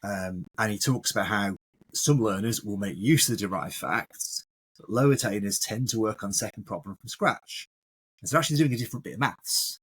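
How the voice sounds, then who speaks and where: A man's voice: lowish voice, brisk, husky. A man, a maths educator, talking animatedly in a casual podcast discussion. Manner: animated, acts out classroom examples.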